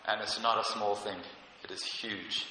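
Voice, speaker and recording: An older man preaching a sermon, earnest and emphatic, often slowing down to stress a point. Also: lowish voice, steady tone, sharp tone, slight background noise. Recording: echoey hall, heard from a distance.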